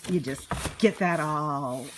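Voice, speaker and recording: A woman's voice: low voice, takes it slowly, background noise. A woman vlogging an unboxing at home by a fireplace, giddy and gushing, with gasps and laughter. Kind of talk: casual unboxing chat.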